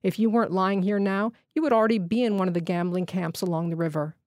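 A woman's voice: medium pitch, steady tone, fast talker, darkish tone, no room sound, studio quality, lightly acted. A woman reading aloud, voicing a wounded male electrician who refuses to forgive his attacker. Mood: unforgiving. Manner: hard and indignant. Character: proud wounded male electrician, bitter and unforgiving. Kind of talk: literary reading.

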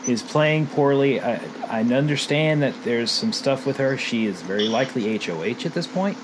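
A man's voice: mid-range voice, lively intonation, normal speed, very noisy. A man co-hosting a podcast in casual chat, ranting with exasperated complaints. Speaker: podcast co-host.

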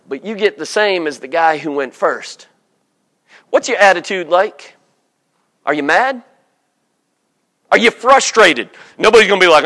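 A man's voice: fairly high pitch, lively intonation, moderate pace, pauses often, sharp tone. A man preaching a sermon, humorous and storytelling, acting out little voices as he talks. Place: church.

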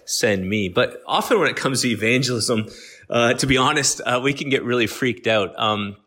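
A middle-aged man with a slight lilt, giving a relaxed, conversational podcast talk full of fillers and restarts. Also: mid-range voice, normal speed. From Canada. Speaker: guest speaker. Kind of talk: podcast teaching.

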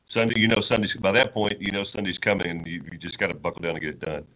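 A man's voice: low voice, level tone, fast, sharp tone, rough recording. A male interviewer asking a pastor eager, playful questions, often restarting as he goes. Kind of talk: conversational interview.

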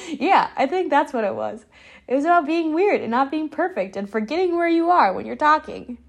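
A woman's voice: high-pitched, animated, brisk. A young adult woman, hosting a solo podcast in a loose, candid, rambling way with lots of "like". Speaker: podcast host.

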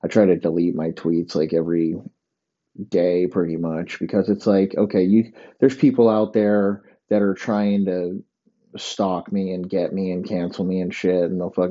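A man's voice: low voice, mellow, dull audio. A man hosting a solo comedy podcast, rambling and provocative, swearing constantly. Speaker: podcast host.

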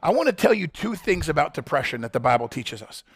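A male pastor preaching with passion, hammering key phrases again and again as he speaks straight to his congregation. His voice sits high and comes out husky, with a dry, close sound. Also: sing-song, fast, no room sound. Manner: passionate, repetitive, direct address to congregation. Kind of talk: sermon.

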